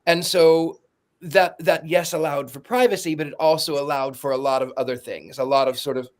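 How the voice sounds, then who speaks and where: A man's voice: fairly high pitch, steady tone, normal speed. A man co-hosting a podcast who explains with enthusiasm and wanders into long asides. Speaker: podcast co-host. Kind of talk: casual chat.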